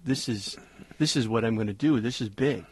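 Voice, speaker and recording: A man's voice: mid-range voice, moderate pace, a little mellow, slightly rough. A middle-aged man hosting an interview and asking brief, friendly questions. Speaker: interviewer host.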